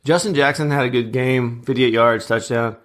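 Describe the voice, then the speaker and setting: A man in his thirties co-hosts a sports podcast, speaking at medium pitch and a moderate pace. He chats casually, cracks jokes, and reads out statistics.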